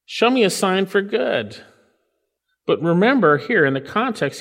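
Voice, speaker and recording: A male pastor gives an earnest expository sermon. He reads scripture aloud and explains it, often lifting his voice for emphasis and then sinking back down. His mid-pitched voice carries a long reverb, as if heard in a large church sanctuary. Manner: earnest, swells up for emphasis then drops low.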